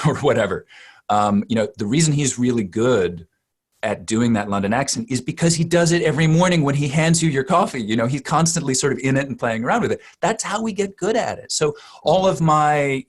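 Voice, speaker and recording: A man, a dialect coach answering interview questions in a thoughtful, searching way. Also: fairly low pitch. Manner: thoughtful, with many fillers and restarts.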